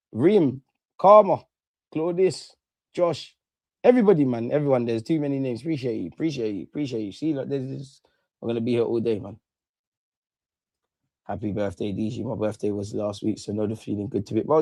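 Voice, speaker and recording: A man, hosting a casual livestream, talking in slangy, animated bursts that swing between loud and muttered. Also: mid-range voice, no room sound. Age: 30s. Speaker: livestream host.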